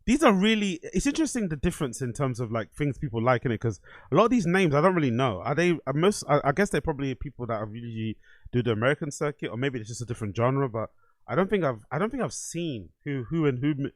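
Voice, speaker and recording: A man's voice: medium pitch, sing-song, fast talker, no echo. A man hosting a show, giving blunt, casual commentary on clips with some swearing. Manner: blunt, mocking, swears freely. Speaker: host reacting to clips.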